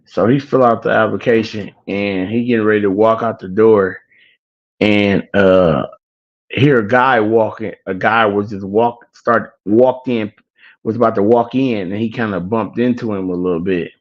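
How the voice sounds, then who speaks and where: A man's voice: fairly low pitch, fairly even intonation, normal speed, highs cut off. A man hosting his own show who casually tells a story, rambling with plenty of filler. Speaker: show host.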